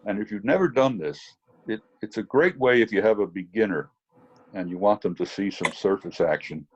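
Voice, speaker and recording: A man's voice: on the low side, moderate pace, highs cut off, a little hiss or hum. A man teaching fly fishing over a video call, telling a rambling story full of fillers. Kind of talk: anecdotal teaching demo.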